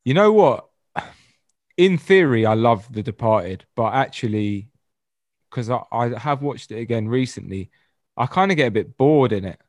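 A relaxed man talks films with friends on a podcast. His voice sits mid-range and sounds close and dry, with no room around it. He is easygoing and swears offhandedly. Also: medium pitch, moderate pace, no echo. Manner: laid-back, swears casually, laughs often. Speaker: podcast co-host. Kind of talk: casual film chat.

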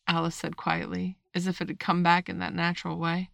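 Lady reading a storybook out loud, lowish voice, calm and expressive. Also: creaky, no echo, clean studio sound. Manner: measured, expressive read-aloud narration. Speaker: narrator.

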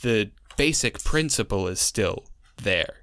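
A man's voice: on the low side, expressive, takes it slowly, a bit bright, smooth, dry recording, clean studio sound. A young man co-hosting a casual podcast, talking in a wry, sarcastic way and rambling through his stories. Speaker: podcast co-host. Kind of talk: casual chat.

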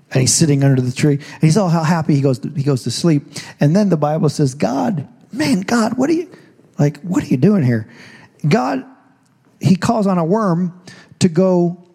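A man's voice: fairly high pitch, warm tone, husky. A man preaching a sermon as pastor, telling the story in a casual, joking way. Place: church stage.

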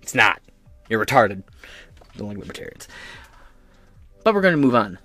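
A man's voice: on the low side, big pitch swings, normal speed, bright, forceful tone, no echo, faint music behind. A man hosting a podcast who rants brashly and sarcastically with constant swearing. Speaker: podcast host. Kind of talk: crude political rant.

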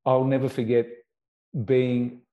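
A middle-aged Australian man, a guest in an interview, telling stories in an animated way with many restarts and repeated words. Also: mid-range voice, slow, narrow, tinny audio. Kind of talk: casual storytelling interview.

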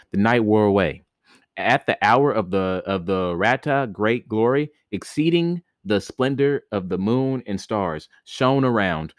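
Clean, dry studio sound carries a man's low voice as he reads an old myth for a podcast. He stumbles over words now and then, pausing to joke and laugh before going on with the casual read.

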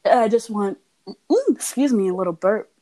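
A young woman speaking as a podcast guest in a candid personal conversation, soft-spoken and reflective, repeating phrases for emphasis. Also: medium pitch, moderate pace, poor audio.

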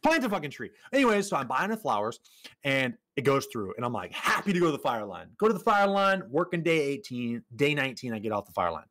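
A fast-talking young man with a medium-pitched voice co-hosts a podcast, spinning a story in casual conversation. He's animated, cursing frequently and playing out the lines of the people in it.

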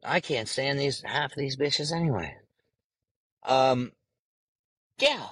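A man's voice: mid-range voice, slow pace, fairly bright tone, breathy edge, no echo, rough recording. A young man hosting a casual solo podcast, talking in a brash, profane and rambling way. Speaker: podcast host.

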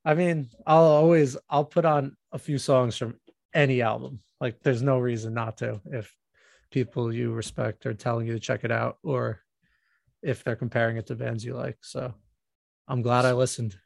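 A man's voice: mid-range voice, fairly even intonation, moderate pace, vocal fry, darkish tone, no room sound, studio quality. A man co-hosting a music podcast, chatting casually and rambling with many fillers and restarts. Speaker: podcast co-host.

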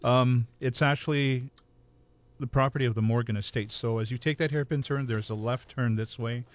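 A man telling local ghost stories in a relaxed, measured way, matter-of-fact about the details. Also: medium pitch. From Hawaii. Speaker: ghost storyteller guest. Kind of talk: casual ghost storytelling.

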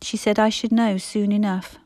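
A woman's voice: medium pitch, level tone, moderate pace, darkish tone, no echo, close to an everyday voice. A woman voicing Peter, a cheeky, quarrelsome young boy who teases and sulks, in a storybook reading. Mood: bickering. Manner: sulky, teasing.

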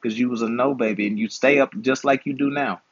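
A man's voice: mid-range voice, fairly even intonation, fast talker, slightly rough, dull audio. A man in his twenties, an uncle hosting a channel, chatting casually and playfully with slangy, teasing advice. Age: 20s. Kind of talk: casual chat while gaming.

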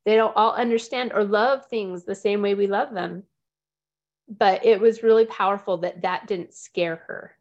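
A woman's voice: medium pitch, steady tone, normal speed, darkish tone, dull audio. A woman, sharing earnestly and emotionally with a group, close to tears. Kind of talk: heartfelt personal sharing.

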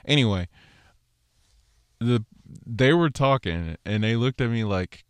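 A man's voice: on the low side, measured pace, long pauses, clean tone, no echo. A man giving a casual Torah teaching, talking conversationally and acting out the people he quotes, with self-deprecating humor. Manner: conversational, acts out quoted people in lively voices.

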